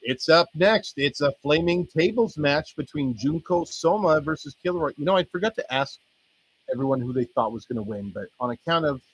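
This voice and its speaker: A man's voice: on the high side, animated, normal speed, husky, highs cut off. A man hosting his own stream, rambling casually with frequent swearing. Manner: rambling, swears and laughs often. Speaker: stream host.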